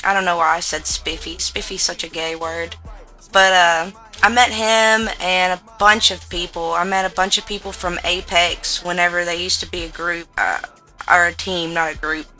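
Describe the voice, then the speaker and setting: A young American woman with a hillbilly-ish Southern twang, chatting over a game in a casual vlog. Her voice is bright and a little sharp, and she tells her stories in a loud, profane way. There is faint music playing underneath her. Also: fairly low pitch, fairly even intonation, normal speed, rough recording. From United States. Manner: loud, profane, laughing storyteller with a drawl. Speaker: gaming YouTuber. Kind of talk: casual gaming vlog storytelling.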